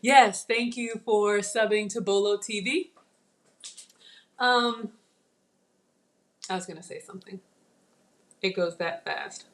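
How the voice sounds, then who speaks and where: A woman's voice: mid-range voice, slow pace, long pauses. A middle-aged woman, hosting a chatty live cooking demo and talking viewers through each step. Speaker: channel host.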